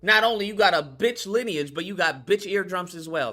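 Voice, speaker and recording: A man's voice: high-pitched, brisk, hardly any pauses, pushed and bright, faint music behind. A man hosting a live stream, ranting in a heated, mocking and profane way, taunting a viewer to call in.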